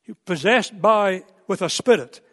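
A high-pitched male preacher delivers a sermon, telling the story and sometimes repeating words as he presses a point. His voice carries a long reverb, as if recorded in a large church hall. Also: a little slow, a bit bright.

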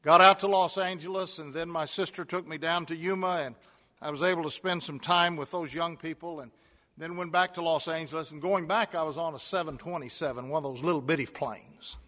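High-voiced preacher in a reverberant hall. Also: male voice, steady tone, fairly quick, pushed and bright. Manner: storytelling, building to emphatic repeated calls. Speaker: pastor. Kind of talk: sermon.

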